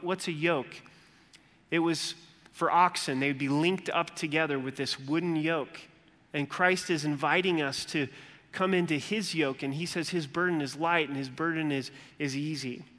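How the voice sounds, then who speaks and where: Animated pastor preaching in a reverberant church hall. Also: male voice, on the high side, normal speed. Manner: animated, acts out quoted voices with humor. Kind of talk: sermon.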